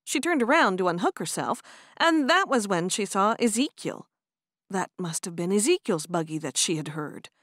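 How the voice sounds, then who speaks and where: A woman reading a romance audiobook aloud, expressive and animated. Her pitch moves a lot. The recording is close and dry. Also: normal speed, no room sound. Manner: expressive storytelling. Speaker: audiobook narrator. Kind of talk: scripted narration.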